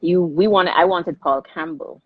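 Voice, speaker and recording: A middle-aged woman filmmaker, a guest in a casual interview, tells her story in a lively way and often restarts her sentences. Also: on the low side, unhurried, breathy edge, no echo. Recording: slightly muffled, dry recording.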